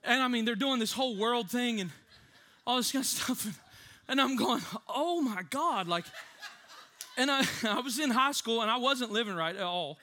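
A man preaching a sermon with comic stories, animated, laughing often and acting out voices. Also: extremely high pitch, moderate pace.

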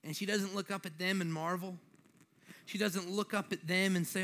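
A man's voice: high voice, fairly even intonation, normal speed, fairly bright tone. Young male preacher with a slight lisp. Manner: conversational, joking, building to emphatic exhortation. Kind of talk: sermon.

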